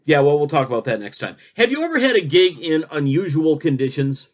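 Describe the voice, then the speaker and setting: A male comedy radio host with a raised, lively voice that swings up and down. He rambles through absurd tangents and silly questions, all delivered deadpan. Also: a little high, a little fast. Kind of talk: spoof talk-show interview.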